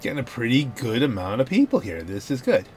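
A man's voice: medium pitch, very animated, fairly quick. A man giving casual, jokey let's-play commentary while racing, chatting to himself on a home microphone with audible clicks. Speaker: gaming channel host. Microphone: home gaming microphone with audible clicks. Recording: noisy, with car and game sounds behind.

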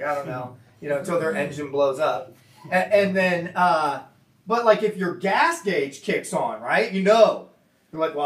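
Heard from far off in an echoey church hall, a man with a high-pitched, fairly bright voice delivers a casual sermon as pastor. His delivery is loose and conversational, with lots of fillers and restarts.

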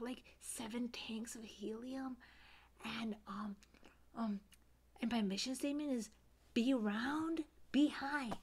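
A woman doing a bubbly, gushing college girl who adores helium, her voice sitting a little high and dropping into breathy whispers when excited. It is a comedy sketch character with a giddy, eager delivery. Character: bubbly young woman student obsessed with helium.

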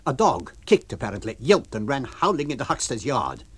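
A man reading a novel aloud for radio, with an expressive, varied storytelling delivery. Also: medium pitch, fairly quick, husky, dry recording. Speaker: reader.

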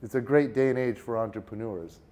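A man who is a fitness entrepreneur, a guest on a podcast interview, telling stories in a lively way and often restarting his words. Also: mid-range voice, fairly quick. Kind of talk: casual interview storytelling.

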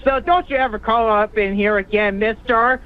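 A man's voice: high voice, steady tone, moderate pace, clean tone. A man calling into a radio show, firing off long strings of profane insults. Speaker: caller. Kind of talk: insult-trading phone call. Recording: tinny phone line.

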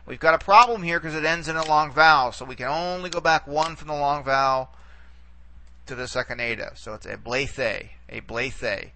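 A man's voice: on the high side, a little fast, bright, forceful tone. A man teaching a recorded lesson, explaining patiently and checking in often with "okay". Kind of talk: recorded lecture.

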